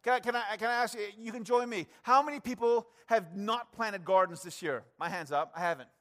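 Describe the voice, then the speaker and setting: High-voiced earnest preacher man. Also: brisk. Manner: earnest, conversational preaching with repeated asides to the congregation; swings from low, quiet passages to raised, energetic emphasis. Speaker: pastor. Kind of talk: sermon.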